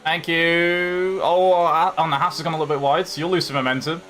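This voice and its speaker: With a little hiss or hum in the recording, a young man speaks briskly in a slightly high voice while streaming his sim race. He narrates animatedly and talks to the other drivers and his chat mid-race.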